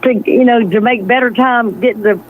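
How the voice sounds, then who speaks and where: A woman's voice: a little high, normal speed, low-quality recording. A woman with a Southern US accent in casual chat, folksy and teasing, and she laughs often. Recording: faint background noise.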